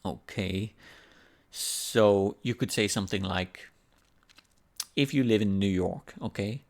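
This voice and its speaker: A man's voice: on the low side, slow, creaky. A man teaching an English lesson in a casual, patient way, repeating examples to explain them. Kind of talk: language lesson.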